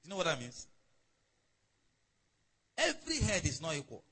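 A man's voice: a little high, wildly swooping pitch, normal speed, bright, forceful tone, husky, poor audio. A man preaching a sermon in a conversational way, calling on the congregation to respond. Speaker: pastor.

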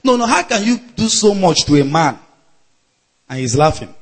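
A man preaching a sermon to a live congregation, laughing out loud and shouting chanted refrains. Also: high-pitched, sing-song, normal speed, breathy edge.

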